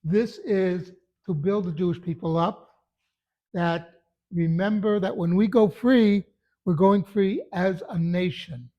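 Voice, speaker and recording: A man's voice: high-pitched, takes it slowly, lo-fi sound. A man who is a religious teacher, giving a short Torah talk in an earnest, emphatic storytelling manner.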